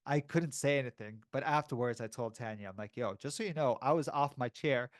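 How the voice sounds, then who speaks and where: A man's voice: mid-range voice, fairly quick, dry recording, clean studio sound. A man co-hosting a podcast, telling funny stories in a casual chat, laughing often and acting out other people's voices. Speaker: podcast co-host.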